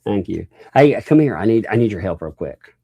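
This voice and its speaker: A man's voice: on the low side, expressive, a little fast, gravelly, warm tone, breathy edge. A father hosting a casual livestream, playfully joking and laughing while he talks with his young daughter. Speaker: livestream host.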